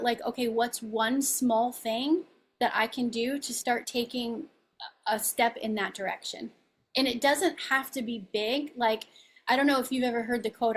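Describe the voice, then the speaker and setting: A woman's voice: fairly high pitch, a little hiss or hum. A woman life coach speaking as a podcast guest in a chatty, casual way, often asking "right?".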